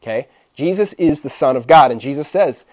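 A man's voice: medium pitch, lively intonation, brisk. A young man preaching a casual sermon, checking in with his listeners often as he explains. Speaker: pastor. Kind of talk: conversational sermon.

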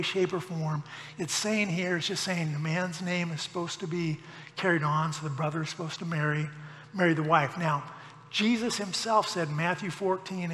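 Man preaching, high voice, folksy humor, echoing church hall. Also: fairly bright tone. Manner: folksy, joking asides. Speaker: pastor. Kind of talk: sermon.

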